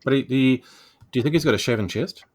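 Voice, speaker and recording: A man's voice: mid-range voice, quick pace. A man in casual comedy podcast chat, a guest with a dry, inquisitive manner.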